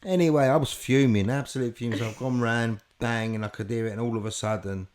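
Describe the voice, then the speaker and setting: A man's voice: mid-range voice, steady tone, fast, darkish tone. A middle-aged man, a podcast guest telling a vivid, swear-filled story and acting out the voices in it. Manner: vivid, profane storyteller who acts out quotes.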